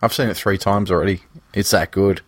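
Man, lowish voice, dry sound, crude jokey film chat. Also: fairly even intonation, a little fast, no room sound. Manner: crude, joking, rambling. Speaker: podcast co-host.

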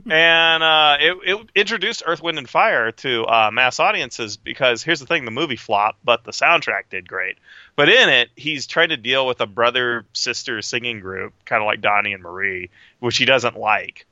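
A man chatting casually and opinionatedly about films, rambling and sometimes shouting impressions. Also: medium pitch, moderate pace, no room sound. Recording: dry, dull lo-fi sound.

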